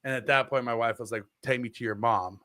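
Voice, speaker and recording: Podcast co-host, man in his thirties, mid pitch, lively anecdote teller, dry sound. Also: fast, dry recording. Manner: animated storyteller, acts out quotes. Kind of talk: casual chat, storytelling.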